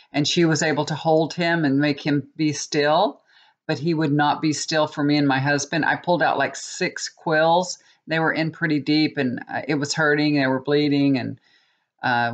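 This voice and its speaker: A woman's voice: sits low, muffled recording. A middle-aged woman, chatting casually to her viewers and telling a story, often repeating phrases for emphasis. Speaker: tarot reader and vlogger. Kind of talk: casual chat to camera.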